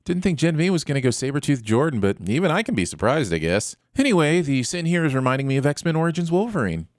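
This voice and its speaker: Sarcastic man with a very lively delivery. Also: a little high, quick pace, slight background noise. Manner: sarcastic, mock-outraged riffing. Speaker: narrator of a comedic review show. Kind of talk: comedic voice-over commentary.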